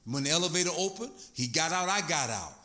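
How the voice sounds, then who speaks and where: A pastor preaching a sermon in a church, telling personal stories in an emphatic, conversational way. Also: male voice, on the high side, animated, quick pace, bright, forceful tone. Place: church sanctuary.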